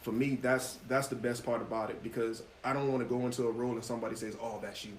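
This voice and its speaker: A man speaks easily as an interview guest, telling stories at a relaxed pace with lots of "um" and "you know." His voice rings in a reverberant room. A light hum of ambience sits behind him. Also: mid-range voice, fast talker. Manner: relaxed, storytelling, many fillers. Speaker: guest actor and author. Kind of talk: casual interview talk.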